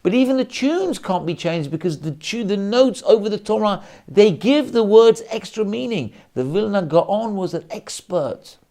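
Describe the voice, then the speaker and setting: A rabbi preaches in a high, lively voice that rises and falls constantly. He tells stories with restarts and short asides. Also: moderate pace, few pauses. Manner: animated, acts out quotes, many restarts. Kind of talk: sermon storytelling.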